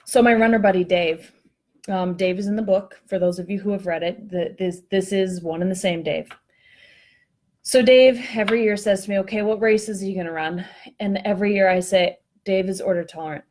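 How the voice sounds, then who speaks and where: A woman telling a story in a chatty, animated way, poking fun at herself. She speaks at a middle pitch, on what sounds like an online call. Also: a little fast. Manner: chatty, animated, self-mocking. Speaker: co-host discussing workplace culture. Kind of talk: casual conversational storytelling.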